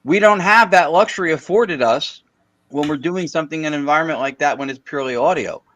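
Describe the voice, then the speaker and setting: A man, a paranormal investigator, explaining his group's sessions in casual, animated talk with little asides. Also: a little high, fast talker. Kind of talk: casual chat.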